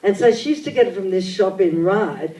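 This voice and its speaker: An older woman, telling childhood stories in an animated, theatrical way at a live on-stage interview. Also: medium pitch, a little fast. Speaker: interview guest. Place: event venue with audience. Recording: echoey hall, mic at a distance.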